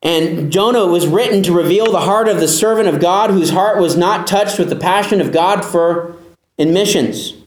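A man's voice: sits high, moderate pace, roomy sound. A man preaching a sermon as pastor, emphatic, asking the listeners pointed rhetorical questions.

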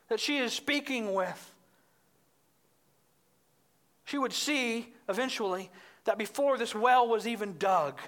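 A woman preaching an expository sermon in an emphatic way, getting higher and louder as she stresses her points. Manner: emphatic, rises in pitch and volume when stressing points.

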